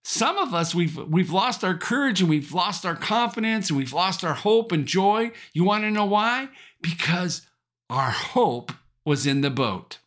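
A male pastor preaches in a high, bright voice, his pitch swinging widely as he hammers home repeated encouragements. He is emphatic and very animated, speaking a little slowly and chuckling now and then as he repeats rallying phrases.

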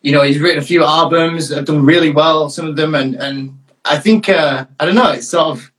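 A high-voiced man with a northern English accent talks in a loose, chatty way. He is a DJ on a casual podcast, playful and quick to joke. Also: fairly bright tone, poor audio. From England.

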